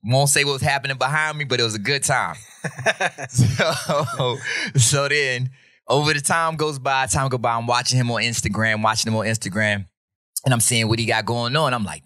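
A man's voice: mid-range voice, moderate pace, no echo, clean studio sound. A man hosting a podcast, telling a casual, slangy story and acting out the other people's voices. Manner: animated, slangy, acts out quoted voices. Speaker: podcast host.

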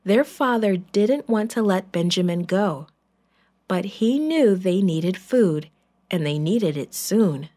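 A woman reads a Bible story aloud to children in a church. She speaks slowly and expressively, at an even, middle pitch.

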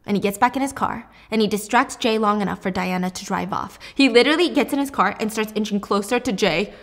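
A woman hosting a casual show, recapping a drama in a lively, animated way. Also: medium pitch, fast. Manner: lively, animated storytelling with laughs. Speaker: host.

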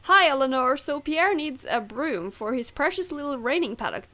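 A woman's voice: high-pitched, sing-song, normal speed, bright, forceful tone, heavily acted. A woman voicing a wry female stable owner in a game, reading the lines plainly with a dry tone.

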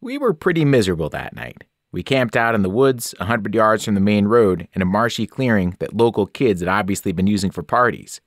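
A man, a teacher, narrating a novel aloud in an expressive storytelling manner. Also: on the low side, fairly quick, hardly any pauses, no room sound, studio quality. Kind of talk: audiobook narration.

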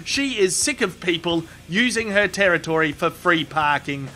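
A man's voice: high-pitched, moderate pace, bright, forceful tone, slight background noise. A man narrating animal clips with crude, sarcastic comic commentary. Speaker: comedy narrator.

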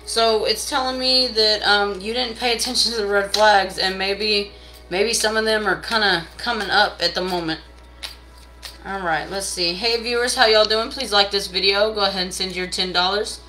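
A woman's voice: steady tone, normal speed, bright, forceful tone, soft background music, rough recording. A woman doing a casual live tarot reading, blunt and profane, scolding viewers and pushing sales. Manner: pushy sales pitch.

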